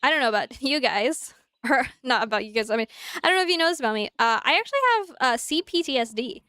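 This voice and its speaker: Young woman streamer, bright high pitch, dry close mic, casual animated live chat. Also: fast, clean tone, dry recording. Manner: animated, talks through examples, answers chat.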